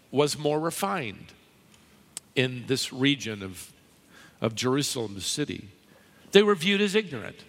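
A man's voice: a little high, fairly bright tone. A man preaching a sermon to a live congregation, emphatic and teasing the listeners. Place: large church hall with live audience. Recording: long hall reverb.

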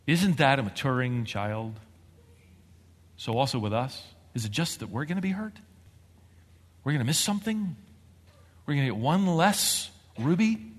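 Expressive male preacher in a reverberant hall. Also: medium pitch, normal speed, pauses often. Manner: expressive preaching, swings between quiet and emphatic. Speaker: pastor. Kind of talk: sermon.

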